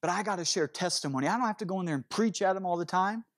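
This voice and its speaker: A pastor with a fairly high male voice tells stories in an earnest, animated sermon. He speaks in rushed bursts of conversational storytelling. The sound is close and dry, with little room echo. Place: church stage before a congregation.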